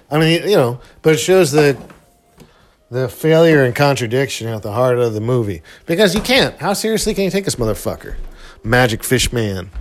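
A middle-aged man giving casual, rambling commentary over a movie, full of fillers and small chuckles. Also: medium pitch. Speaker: film commentator.

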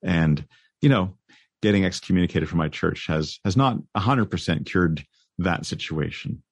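A man hosting a podcast, talking in a measured, wry and precise way, mixing casual chat with narration. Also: low voice, creaky, breathy edge, dry recording. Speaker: podcast host.

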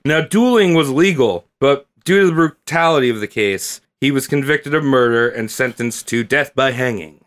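A man's voice: medium pitch, expressive, normal speed, few pauses, a bit bright. A tipsy man casually telling a history story on a comedy podcast, often stumbling over words and laughing.

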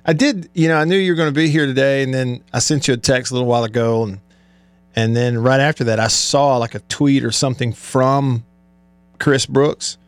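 A man's voice: mid-range voice, fairly even intonation, a little fast, clear, resonant tone, no echo. A man hosting a country radio show, chatting casually and rambling with a co-host, often laughing. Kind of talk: casual on-air banter. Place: radio studio.

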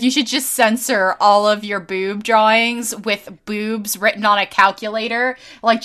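A woman co-hosting a casual chat podcast, swearing freely and ranting with low energy, full of fillers and halting restarts. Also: a bit bright. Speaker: podcast co-host.

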